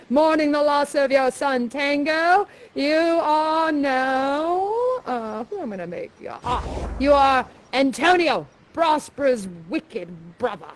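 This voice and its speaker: A young woman guiding players through interactive live theater, playful and theatrical, coaching them with a steady stream of "that's right.". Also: high-pitched, takes it slowly.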